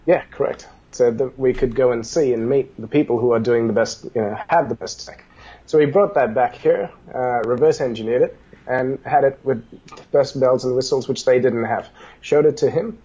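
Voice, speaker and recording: A man telling business stories in a casual interview, animated, acting out the dialogue as he goes. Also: mid-range voice, normal speed, slightly rough, dull audio. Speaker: business guest.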